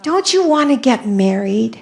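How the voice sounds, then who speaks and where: A woman's voice: on the high side, big pitch swings, measured pace, creaky, noisy background. A woman in her seventies doing stand-up and crowd work, blunt and salty, repeating herself for emphasis. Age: 70s. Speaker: stand-up comedian. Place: comedy club stage. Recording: loud audience laughter.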